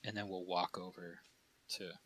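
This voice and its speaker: A man's voice: low-pitched, little pitch movement, brisk, fairly bright tone. A man playing a tabletop game, easygoing and rambling with fillers. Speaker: player.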